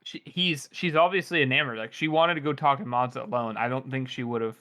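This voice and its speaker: A man's voice: medium pitch, steady tone, fast, sharp tone. A man co-hosting a book podcast, talking casually with rambling asides. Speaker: podcast co-host.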